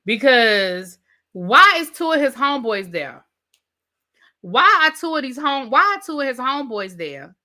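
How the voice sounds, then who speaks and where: A woman hosting a live review, retelling scenes in a lively way and mimicking the people she describes. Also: sits high, unhurried. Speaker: TV review channel host. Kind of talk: live rant and recap of a reality show.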